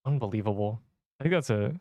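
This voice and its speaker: A gaming streamer chats casually with viewers while he plays, rambling through exasperated, slang-heavy banter. His voice sits lowish, with lively intonation and a warm tone, and he talks fast. There's no room sound.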